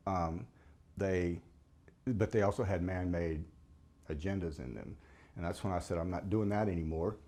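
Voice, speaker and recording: A man's voice: fairly low pitch, warm tone. Emotional older man recounting an experience. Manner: earnest, halting, emotional storytelling with restarts. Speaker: interview guest, retired Navy veteran. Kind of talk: personal testimony interview.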